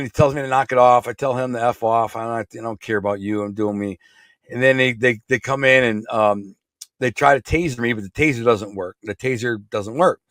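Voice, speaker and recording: A man's voice: mid-range voice, fairly bright tone, no room sound, clean studio sound. A middle-aged man from Michigan with a Michigan accent, telling a rambling story in blunt, streetwise words as a podcast guest. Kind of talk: casual storytelling.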